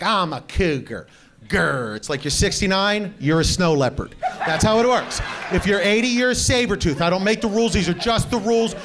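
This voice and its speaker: A man doing a stand-up comedy routine on a club stage into a handheld mic, telling stories in a brash, animated way. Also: high voice.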